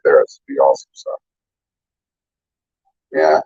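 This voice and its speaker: Deep husky guy rambling on stream, dull lo-fi sound. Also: monotone, takes it slowly, a little mellow. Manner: rambling, hesitant, many restarts. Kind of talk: casual talk on a live chat. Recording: dull lo-fi dry audio.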